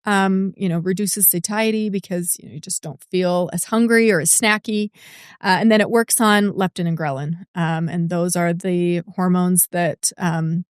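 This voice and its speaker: A woman's voice: on the low side, fairly even intonation, moderate pace, smooth, dry recording, clean studio sound. A woman nurse practitioner co-hosting a health podcast, explaining in a casual chatty way with frequent fillers. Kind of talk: casual medical podcast chat.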